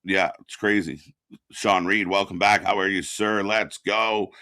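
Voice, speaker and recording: Man, stream co-host, bright voice, dry close mic, shout-outs to chat, easy laughter. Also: low-pitched, fairly even intonation, measured pace, no echo. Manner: greets chat viewers by name, laughs often. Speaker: co-host of a live wrestling watch-along stream. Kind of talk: casual live-stream chat.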